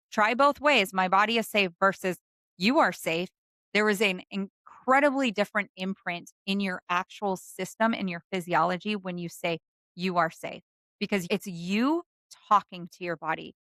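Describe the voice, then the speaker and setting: A woman's voice: medium pitch, no room sound. Earnest woman wellness host, dry sound. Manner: earnest, gentle, repeats phrases for emphasis. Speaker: podcast host and doctor. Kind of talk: faith-based wellness talk.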